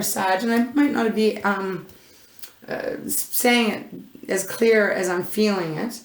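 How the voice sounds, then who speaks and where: A woman's voice: mid-range voice, slow pace, echoey room. A woman reading tarot in a casual, effusive way, gushing over each card and rambling with frequent restarts. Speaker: intuitive tarot reader.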